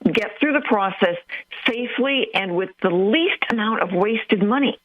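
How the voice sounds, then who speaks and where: A woman co-hosting a radio talk show over the phone, chatty and animated, acting out what other people say. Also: mid-range voice, moderate pace. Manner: animated, chatty, acts out quotes. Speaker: radio co-host. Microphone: phone line. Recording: phone line.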